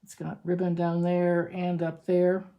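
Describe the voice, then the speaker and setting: A woman's voice: on the low side, monotone, unhurried, roomy sound, highs cut off. Chatty woman demonstrating crafts. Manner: chatty, thinking aloud with fillers. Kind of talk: casual crafting tutorial.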